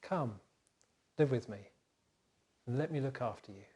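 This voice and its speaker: A man voicing Joseph, a grown man in power, speaking calmly, gently and solemnly in a children's Bible story. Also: mid-range voice, takes it slowly. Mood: gentle.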